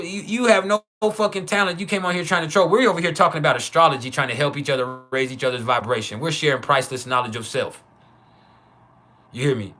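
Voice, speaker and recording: A Texan man hosting a casual livestream, his voice bright and forward. He rambles loosely with many restarts, then gets loud and heated as he roasts a troll. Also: mid-range voice. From Texas. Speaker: astrology livestream host.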